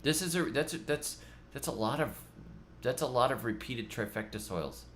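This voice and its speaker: A middle-aged man chats casually on his gardening channel. He rambles and pokes fun at himself, often doubling up his words, at a middle pitch. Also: moderate pace, fairly bright tone, slight background noise. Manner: rambling, self-mocking, repeats words often. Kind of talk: casual rambling vlog chat.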